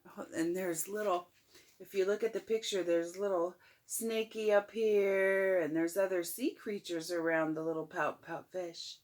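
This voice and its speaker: A woman's voice: on the low side, steady tone, measured pace, darkish tone. An older woman reading a picture book aloud to children, with playful, chuckling asides to the listener.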